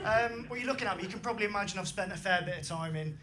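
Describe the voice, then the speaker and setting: A man's voice: high-pitched, racing, heavy background noise. A young man from England doing a brash, swearing stand-up set on a comedy club stage. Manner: brash, swearing, punchy delivery over audience laughter. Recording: live club recording with crowd laughter.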